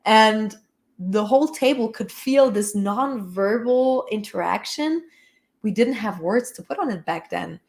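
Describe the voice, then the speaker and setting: A woman's voice: medium pitch, lively intonation, unhurried, darkish tone. Frank woman teacher, casual swearing. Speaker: spiritual healing teacher. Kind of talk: candid personal talk.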